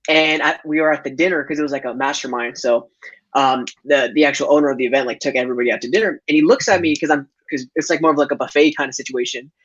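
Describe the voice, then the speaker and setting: A man's voice: a little high, fairly even intonation, quick pace, a bit bright. A man guest telling a casual story over a call, loose and filler-heavy, laughing often. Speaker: podcast guest. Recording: dull lo-fi audio.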